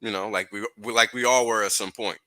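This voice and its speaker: Very deep, bright-toned earnest man. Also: steady tone, fairly quick, dry recording. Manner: earnest, grateful, laid-back. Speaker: guest on a livestream. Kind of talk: casual livestream chat.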